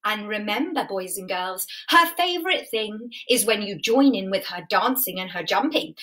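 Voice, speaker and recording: A woman's voice: medium pitch, lively intonation, normal speed, few pauses, fairly bright tone. A woman leading a live online music and drama class for toddlers, talking in a sing-song, exaggerated storytelling way with gasps and coaxing questions. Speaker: children's music and drama teacher. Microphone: webcam or phone on a stand.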